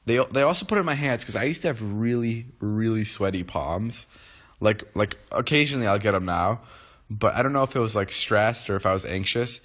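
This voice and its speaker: A man's voice: medium pitch, quick pace, fairly bright tone. A young man in his twenties on a casual livestream, just woken up, rambling with lots of restarts and fillers as he talks to viewers. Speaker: livestream host.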